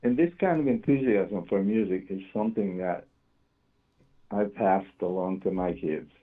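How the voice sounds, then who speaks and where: Older male caller, low husky voice, tinny phone line, earnest. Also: moderate pace. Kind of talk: casual chat.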